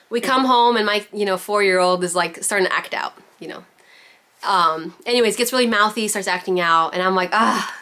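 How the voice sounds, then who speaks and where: A woman's voice: mid-range voice, sharp tone, clear, resonant tone. Chatty woman teaching a parenting class. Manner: chatty, lots of "like" and "you know". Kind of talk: casual virtual class teaching. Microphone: video call.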